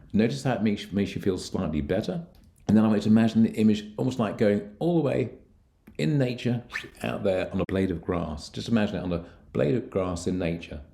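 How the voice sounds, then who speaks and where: A middle-aged man, a mind coach, calmly guiding the listener through techniques for handling anxiety, speaking straight to them. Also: low-pitched. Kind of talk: instructional coaching talk.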